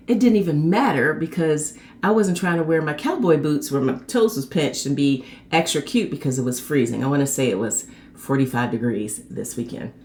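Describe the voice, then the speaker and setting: A woman hosting her own show, telling a personal story in a chatty, animated way and acting out the people in it. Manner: animated, acts out quoted people with sharp pitch jumps; chatty and conversational. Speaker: host.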